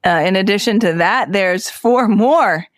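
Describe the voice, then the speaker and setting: A woman's voice: medium pitch, unhurried, no room sound. Upbeat female podcast co-host, dry mic. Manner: upbeat, reads out article titles, teasing. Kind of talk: casual podcast chat.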